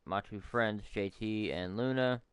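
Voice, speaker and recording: A man's voice: on the low side, a little slow, clean tone, no echo. Chatty man rambling over gameplay. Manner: rambling, self-amused, chatty asides. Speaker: gaming YouTuber. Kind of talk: casual let's-play commentary.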